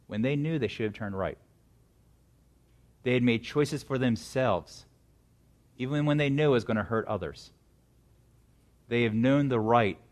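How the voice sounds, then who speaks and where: A male pastor preaching a sermon, building to loud, dramatic swells and dropping to hushed, quiet lines. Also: mid-range voice.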